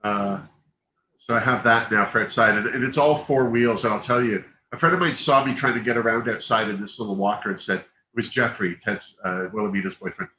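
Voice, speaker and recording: A man with a lowish voice and a sharp tone runs a livestream, talking a little fast. The chat is casual and candid, rambling and openly emotional, his sentences often cut off and begun again. You can hear echo and faint background noise.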